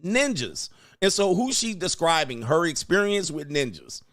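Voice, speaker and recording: A man's voice: a little high, sing-song, moderate pace, fairly bright tone. Profane laughing male commentary host. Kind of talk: crude casual commentary.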